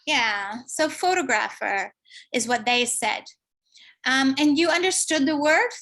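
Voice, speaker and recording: A woman giving an online lecture, explaining slowly and thinking aloud with fillers. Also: high voice, expressive, fairly bright tone.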